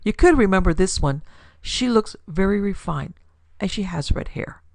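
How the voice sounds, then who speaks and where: A woman voicing an arrogant, demanding young woman with a clear, imperious tone. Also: mid-range voice, lively intonation, normal speed, darkish tone, dry recording. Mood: haughty.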